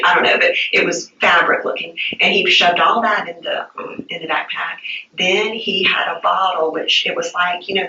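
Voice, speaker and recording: A woman's voice: lowish voice, bright, forceful tone, a little hiss or hum. A woman recounting events to a detective in a police interview, hesitant and stumbling, repeating her words. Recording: muffled roomy archive interview tape, distant.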